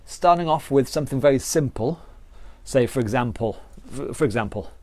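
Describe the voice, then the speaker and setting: A man's voice: medium pitch, normal speed, a little mellow, no echo. A man with a British accent, a fitness instructor explaining training principles in a live online class, earnest and repetitive, with restarts. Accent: British English.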